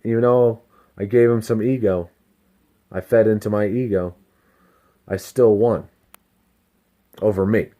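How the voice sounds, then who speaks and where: Low mellow guy rambling to camera, candid, swears a lot, self-reflective. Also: steady tone, a little slow, long pauses. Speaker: delivery driver. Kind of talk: casual self-help vlog monologue.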